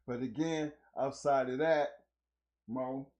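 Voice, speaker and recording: A man's voice: medium pitch, slow pace, lo-fi sound. A man hosting a live-streamed talk show, chatting casually with his co-host and the viewers. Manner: animated, repeats "you know what I'm saying".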